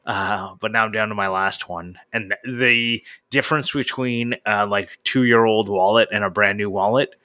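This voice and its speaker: A man's voice: fairly low pitch, steady tone, normal speed, few pauses, sharp tone. A man co-hosting a podcast, chatting casually and joking around. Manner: jokey, puts on a movie trailer voice. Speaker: podcast co-host. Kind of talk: casual chat.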